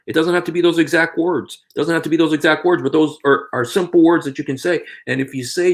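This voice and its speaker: Speaking at a moderate pace in a mid-range voice, this Christian preacher and video host makes an evangelistic vlog appeal. He pleads earnestly with his viewers, circling back to the same phrases over and over.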